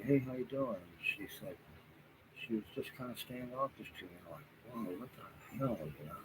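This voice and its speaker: A tired man talking to viewers in a halting, rambling monologue, full of fillers and restarts, sometimes dropping to a near whisper. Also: deep voice. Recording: noisy room background.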